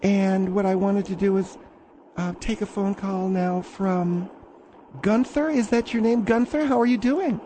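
A man's voice: sits high, unhurried, dark tone, a little hiss or hum. A man hosting a comic call-in radio show, chatty and teasing, calling callers dear and honey. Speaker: radio host.

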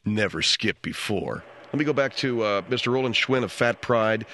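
A man hosting a radio call-in show, quick, theatrical and amused, on a studio microphone. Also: medium pitch, fairly even intonation, fairly bright tone. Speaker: radio talk show host.

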